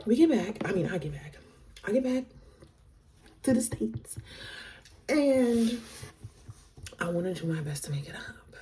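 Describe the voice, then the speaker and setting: Young woman, storytime vlogger; lowish, mellow voice, slangy and animated, set a little back from the mic. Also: far from the mic. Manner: slangy and animated, full of fillers. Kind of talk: casual storytime.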